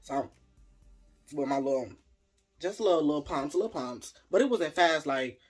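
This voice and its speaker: A man vlogging a casual storytime, talking straight to his viewers in a lively, chatty way. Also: a little high, moderate pace, breathy edge, soft background music. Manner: animated, chatty, addresses viewers directly.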